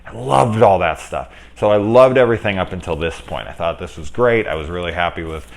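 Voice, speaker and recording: Guy with a low voice chatting through a movie review, loose and rambly, fixes himself mid sentence. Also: a little fast, vocal fry. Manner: rambling, conversational, self-correcting. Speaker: film reviewer. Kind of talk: casual spoken movie review.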